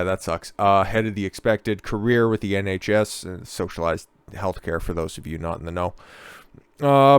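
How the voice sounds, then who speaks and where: A man's voice: fairly low pitch, clean tone, dry recording. A man hosting a reaction commentary, ranting with heavy profanity and sarcasm. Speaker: commentary channel host.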